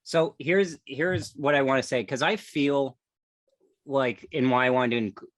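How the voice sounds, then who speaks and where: A man's voice: medium pitch, measured pace, dry recording, clean studio sound. A man co-hosting a casual podcast chat, rambling and hedging with lots of "like" and "um". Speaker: podcast co-host.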